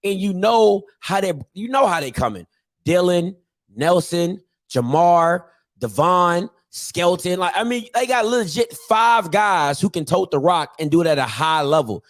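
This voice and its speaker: A man hosting a casual live-streamed sports talk show, animated and exasperated, repeating himself for emphasis. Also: sits high, unhurried, no echo. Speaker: host of a college football show.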